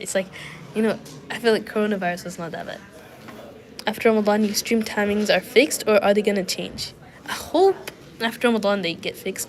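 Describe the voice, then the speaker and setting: A young woman livestreaming from a university building, her voice nasal and clogged from a cold, with the odd cough. She talks at an easy mid pitch, wandering from thought to thought with plenty of fillers, like she is chatting with friends while she studies. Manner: rambling, filler-heavy, thinking aloud. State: sick, nasal and congested with a cough. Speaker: study livestreamer. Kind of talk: casual chat to a live stream.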